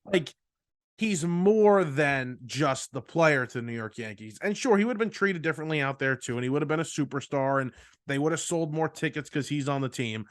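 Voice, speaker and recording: A man co-hosting a casual sports talk podcast, laying out his points in a measured way. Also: a little high, animated, no room sound, clean studio sound.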